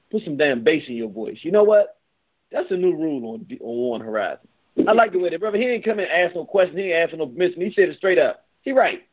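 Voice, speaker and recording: A man with a notably high voice hosts a call-in radio show, talking loud and forceful, almost shouting his points. The sound is dull and lo-fi, like an old internet radio stream. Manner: loud, emphatic, near yelling. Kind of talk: heated call-in radio talk.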